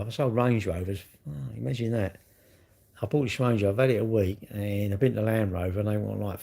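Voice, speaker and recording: Middle-aged man, gravelly, husky, blunt mocking livestream chat. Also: lowish voice, a little mellow. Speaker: livestream host reading comments. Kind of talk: casual live-stream chat.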